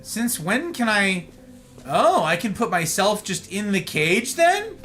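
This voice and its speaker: A man's voice: sits high, big pitch swings, takes it slowly, pushed and bright. A man streaming a video game, joking playfully with his chat and putting on silly voices. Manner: playful, goofy, jokey voices. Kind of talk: live game commentary.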